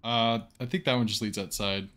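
A man's voice: mid-range voice, steady tone, fairly quick, a bit bright. A man hosting a tactical game stream, joking and laughing often with his squad over voice chat. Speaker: streamer host. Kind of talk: casual gaming banter.

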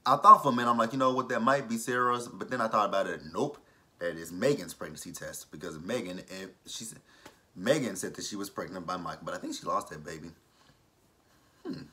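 A man hosting a casual reality TV recap vlog, animated and profane, laughing often. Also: low voice.

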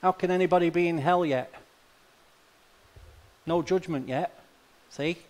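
Pastor preaching conversationally. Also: male voice, sits high, a little slow, darkish tone. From Australia. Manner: conversational preaching with rhetorical questions and asides. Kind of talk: sermon.

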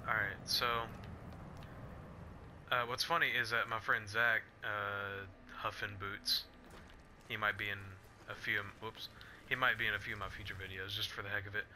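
A young man with a somewhat low but very bright, sharp-edged voice, chatting casually while he plays. He rambles through a story with fillers and restarts and breaks off to react to the game. A faint hiss sits under the voice. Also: fairly even intonation, normal speed. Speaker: gamer vlogger. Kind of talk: casual chat over gameplay.

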